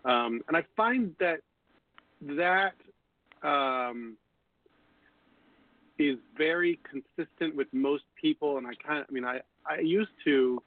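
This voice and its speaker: A man explains his approach in a thoughtful, unhurried way, often restarting with repeated words. His voice comes through a narrow, phone-like channel. The sound is dry and close. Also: on the high side, no room sound. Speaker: panelist on call-in spiritual show. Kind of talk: casual panel discussion.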